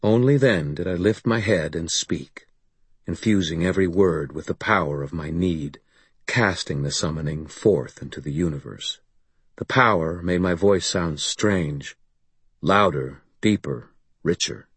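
Guy narrating a fantasy audiobook, real low voice, slow and deliberate, dry close sound. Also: slightly rough, dry recording. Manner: measured, deliberate storytelling delivery.

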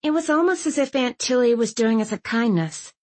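A woman reads a first-person audiobook at a medium pitch. Her delivery is even and wry, with lightly dry asides. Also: brisk. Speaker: audiobook narrator. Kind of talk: first-person scripted narration.

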